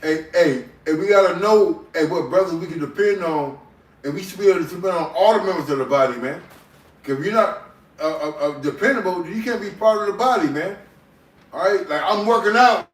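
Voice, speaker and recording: A man leading a casual faith group discussion, exhorting the others in a preachy way and filling pauses with strings of "um". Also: high voice. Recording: echoey room, mic far off.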